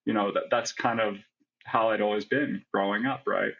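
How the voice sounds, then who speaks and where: A man's voice: lowish voice, fairly even intonation, normal speed, vocal fry, lo-fi sound. A man telling his own story as an interview guest, candid and reflective, often adding "like" and "right?". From United States. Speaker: guest, psychiatric pharmacist.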